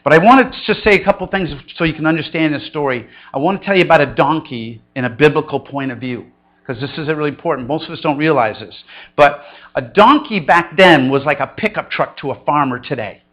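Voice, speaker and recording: Lively in intonation and brisk in pace, a middle-aged pastor preaches a conversational, funny sermon full of stories. He voices the people he quotes with big pitch jumps, captured on a muffled recording.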